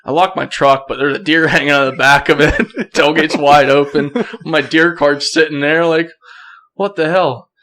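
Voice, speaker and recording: Young male podcast guest, bright and a bit high, animated storyteller who laughs a lot. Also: normal speed. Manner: animated, laughs through the story, throat clearing. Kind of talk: casual storytelling.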